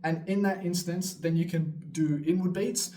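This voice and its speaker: A man talks through a casual beatbox lesson in a slightly high, excitable voice, swearing freely and laughing at himself. He rambles and moves around as he explains. A faint background noise sits under the recording. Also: normal speed. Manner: energetic, swearing, laughing asides, jumping around while talking. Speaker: beatbox coach.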